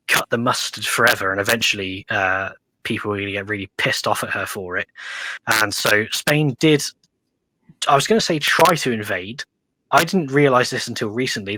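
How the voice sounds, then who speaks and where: English man, casual podcast explainer, rambling with fillers; lower pitch, crisp dry close sound. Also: pushed and bright, dry recording, low-quality recording. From England. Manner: rambling explainer, lots of ums and restarts. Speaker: podcast guest. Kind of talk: casual history chat.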